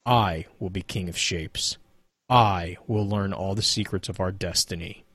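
A man's voice: sits low, measured pace, fairly bright tone, slightly rough, dry recording, heavily acted. A man reading as a ruthless alien god-king. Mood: commanding.

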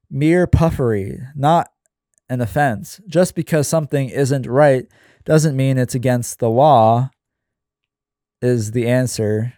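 A man reading his screenplay aloud in a deadpan, weary way with sarcastic asides. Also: medium pitch, no room sound, clean studio sound.

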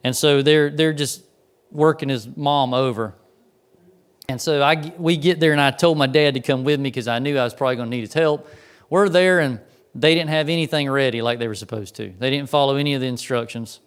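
A man's voice: medium pitch, brisk, clean tone. A pastor preaching a sermon in a conversational way, often repeating words as he tells stories.

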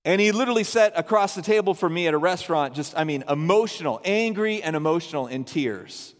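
A man's voice: a little high, animated, fairly quick, in a large hall. A man preaching a sermon, telling a story and acting out the people in it in quoted voices. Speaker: pastor.

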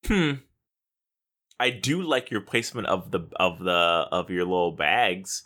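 Animated, profane podcast host man. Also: low-pitched, a little slow. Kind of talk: casual gaming podcast chat.

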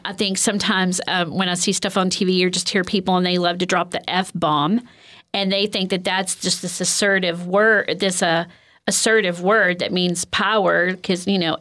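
Using a medium-pitched, fairly bright voice, a female counselor walks through communication skills in a conversational interview explanation. Her speech is heavy with fillers, especially "um" and "you know."

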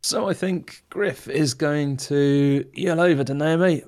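A man's voice: on the high side, unhurried, darkish tone. A man as a player in a tabletop game. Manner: describes his character's actions and calls out in-character lines.

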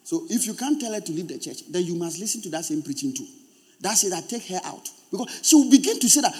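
High husky Ghanaian pastor preaching. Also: male voice, fast. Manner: animated preaching, addressing the congregation directly. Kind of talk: sermon.

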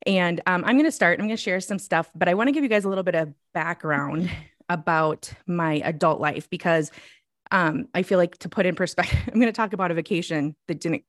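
A woman's voice: fairly low pitch, fairly quick, no room sound, clean studio sound. A woman in her forties co-hosting a casual faith podcast, chatty and laughing often, a little out of breath. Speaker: podcast co-host.

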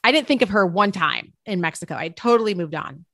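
A woman guest tells a personal story with a bright, forceful voice. She shifts into the voices of the people she quotes. The room is dry and close. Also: medium pitch, quick pace, no room sound. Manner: expressive, acts out quoted dialogue. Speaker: interview guest and author; teacher.

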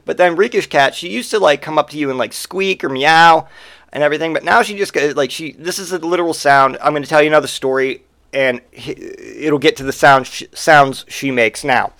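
A man's voice: on the high side, a little fast, fairly bright tone, dry recording, studio quality. A man hosting a podcast, telling rambling, profane stories in a casual monologue. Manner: rambling and profane, with frequent swearing. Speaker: podcast host.

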